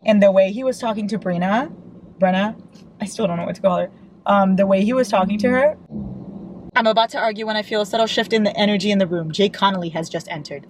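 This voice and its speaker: A young woman vlogging about a book she is reading, talking from inside her parked car in a gushing, excitable way, laughing often and swearing casually. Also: medium pitch, a little hiss or hum, low-quality recording. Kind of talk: casual read-along book chat.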